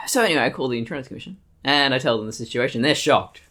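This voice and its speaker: An Australian woman telling a personal story on her vlog in a blunt, profane, animated way. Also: rumbling low, rapid-fire. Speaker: vlogger.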